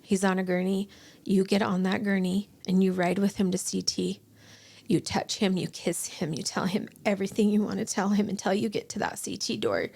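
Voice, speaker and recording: A woman in her forties, a podcast guest, telling an emotional personal story in a halting way, with restarts and acted-out quotes. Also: mid-range voice, steady tone, creaky, darkish tone.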